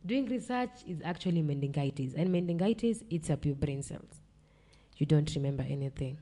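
Low-voiced young Kenyan woman, emotional. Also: expressive, fairly quick, dark tone. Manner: mixes English and Swahili slang, blunt, swears. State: emotional, near tears. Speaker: podcast guest. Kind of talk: emotional personal storytelling.

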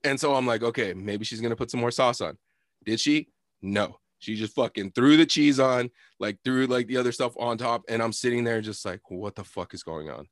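A young man co-hosting a podcast, telling a long story in a loose, profane, animated way with lots of fillers. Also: mid-range voice, brisk, no echo, studio quality. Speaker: podcast co-host. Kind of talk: casual storytelling chat.

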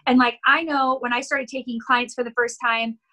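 A woman's voice: fairly high pitch, steady tone, moderate pace, bright, forceful tone, low-quality recording. A woman who owns a gym, talking candidly and encouragingly in a casual podcast chat. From California. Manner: candid, encouraging, tells stories with quoted voices. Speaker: gym owner and personal trainer.

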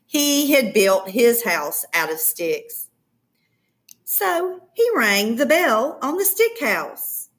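A woman reading a children's story aloud in an expressive, playful storytelling manner. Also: fairly high pitch, slow pace.

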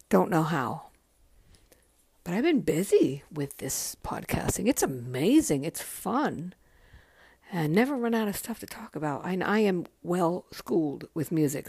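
A middle-aged woman with a low voice chats loosely through her podcast, frank and foul-mouthed, drifting from thought to thought. She sounds worn out and yawns her way along. The recording is close and dry, with no room sound. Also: darkish tone, no echo. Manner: candid and profane, rambling with frequent ums. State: tired, yawning. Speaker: podcast host. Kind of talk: casual solo podcast chat.

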